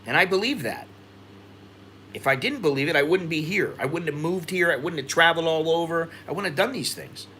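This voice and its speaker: An American expat vlogger hosts a livestream, reading viewer comments and rambling in frustration while repeating himself. His voice sits fairly high, with lively intonation, a slightly quick pace and a sharp tone. A faint hiss or hum runs underneath.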